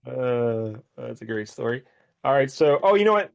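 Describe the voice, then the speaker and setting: Male podcast co-host, mid-pitched, jokey and chatty; dull, lo-fi recording. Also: animated, moderate pace, creaky. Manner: joking, chatty asides with frequent laughs. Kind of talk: casual comic book review chat. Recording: dull, lo-fi sound.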